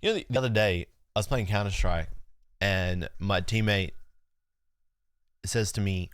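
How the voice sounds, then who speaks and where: Congested man, nasal, low voice, dry close sound, rambling livestream chat. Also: unhurried, long pauses, a bit bright, smooth, dry recording. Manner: loose, rambling, joking with chat. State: congested, sick. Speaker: streamer.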